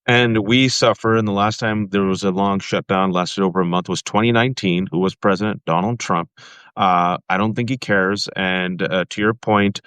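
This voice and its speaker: A man hosting an interview podcast, with a low, smooth and resonant voice. He speaks in a pointed, conversational way, and the recording is dry and close. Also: steady tone, normal speed, fairly bright tone, dry recording. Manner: pointed, fluent, with frequent "uh" fillers. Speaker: podcast host.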